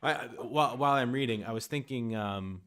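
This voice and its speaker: A man's voice: medium pitch, a little fast, a crowd in the background. A man hosting a casual interview, laid-back and chummy, trailing off as he reads questions. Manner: laid-back and chummy, drifts off when reading. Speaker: interview host. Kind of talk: casual chat.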